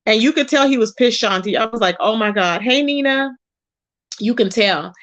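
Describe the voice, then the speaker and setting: A woman with a bright, high-pitched voice runs a chatty livestream. She keeps greeting viewers by name and calling them baby, and she repeats lines with open disbelief to drive a point home. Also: normal speed, lo-fi sound. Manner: exclaims in disbelief, repeats phrases for emphasis. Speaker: livestream host. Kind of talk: casual livestream commentary, reading chat.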